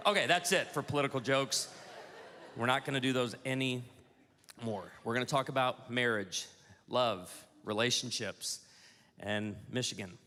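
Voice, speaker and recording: A man in his forties doing a stand-up comedy routine on stage, telling animated stories with quick asides to the audience. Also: medium pitch, slight background noise. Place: church hall on stage. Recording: hall reverb with faint audience ambience.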